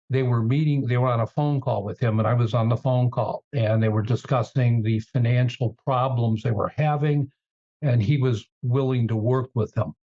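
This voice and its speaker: Male executive guest, measured and hesitant with ums, mid-pitched, slightly muffled lo-fi recording. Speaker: guest, turnaround CEO. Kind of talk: interview storytelling.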